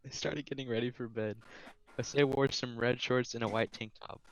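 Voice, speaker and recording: A young man hosting a casual podcast, reading a fan story aloud slowly and cracking up at it. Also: mid-range voice, fairly even intonation, poor audio. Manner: reads slowly and breaks into laughter. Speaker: podcast host reading a fanfic.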